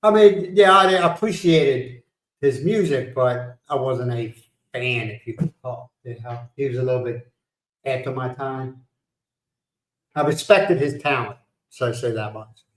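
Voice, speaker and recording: A man's voice: medium pitch, measured pace. Man telling stories in a roomy space. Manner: storytelling, laughing at his own punchlines. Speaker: livestream host. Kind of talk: casual chat.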